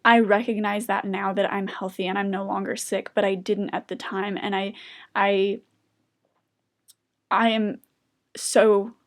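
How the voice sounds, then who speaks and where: A young adult woman in a personal confessional monologue, speaking emotionally with halting restarts and pauses. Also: on the high side. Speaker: vlogger sharing recovery story.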